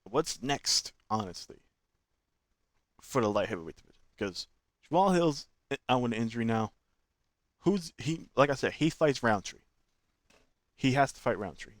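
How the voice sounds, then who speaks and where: A man hosting his own channel, giving opinionated, animated fan commentary in slangy casual speech. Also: medium pitch, normal speed, pauses often, no echo, clean studio sound. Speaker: channel host.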